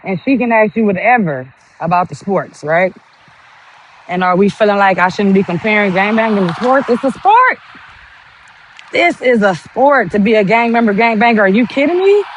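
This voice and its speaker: A woman's voice: medium pitch, lively intonation, normal speed, a little hiss or hum. A woman hosting a podcast, talking bluntly in a casual monologue full of rhetorical questions. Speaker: podcast host.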